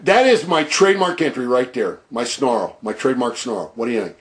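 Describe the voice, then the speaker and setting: A man's voice: mid-range voice, very animated, a little fast, hardly any pauses. Boastful, theatrical man talking to camera. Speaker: video blogger. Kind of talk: casual video blog monologue. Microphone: own camera at home.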